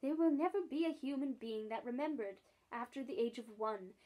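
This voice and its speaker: Lady doing a loud cocky starling bird, storybook voice, jeers at everyone. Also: high-pitched, normal speed. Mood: confiding. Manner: jeering, brash, rough-spoken. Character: cheeky bossy male starling bird.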